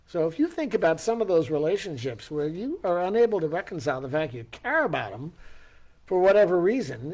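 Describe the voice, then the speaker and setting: A man's voice: fairly high pitch, a little mellow. An older man giving a motivational talk, telling a personal story in an earnest, reflective way and asking rhetorical questions. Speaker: speaker.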